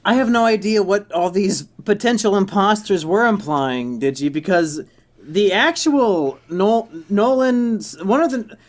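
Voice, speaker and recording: A man's voice: sits high, lively intonation, unhurried. A man co-hosting a casual comedy podcast, joking and swearing freely. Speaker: podcast co-host.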